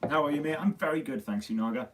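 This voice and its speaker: With background noise behind him, a man from Sunderland talks fast in a slightly high voice and a Northern English accent. Hosting a live tech stream, he chats casually, swears a lot, and mocks himself, though his voice is a little worn, heard through a distant phone-stream mic.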